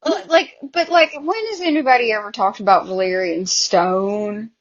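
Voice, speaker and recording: A woman's voice: mid-range voice, moderate pace, muffled recording. A woman with a Southern US accent co-hosting a podcast, chatting casually about a TV show with exasperated asides. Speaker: podcast co-host. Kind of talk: casual chat recapping a TV show.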